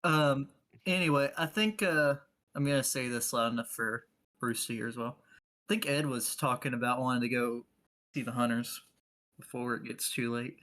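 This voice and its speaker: A tabletop game player talks in a rambling way and often restarts sentences. The voice sits at a middling pitch. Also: normal speed, fairly bright tone.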